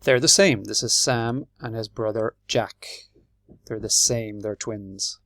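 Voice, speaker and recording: Man, Irish accent, English teacher, slow careful delivery, spells letters aloud, dry room. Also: mid-range voice, lively intonation, fairly bright tone, no room sound. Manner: patient, spells words out letter by letter. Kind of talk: slow, clear classroom explanation.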